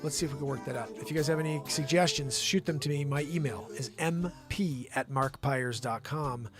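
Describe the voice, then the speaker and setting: A man hosting a casual comedy news livestream, calling out names of viewers in lively shout-outs. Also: medium pitch, fairly quick, over music. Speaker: host. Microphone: desk mic.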